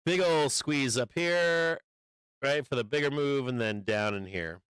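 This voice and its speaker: A man hosting a live stock trading stream, talking through charts and swearing loudly when a trade turns against him. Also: mid-range voice, measured pace, clear, resonant tone, no room sound. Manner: profane, swings from calm chart talk to furious outbursts. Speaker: livestream trading host. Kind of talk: live market stream commentary.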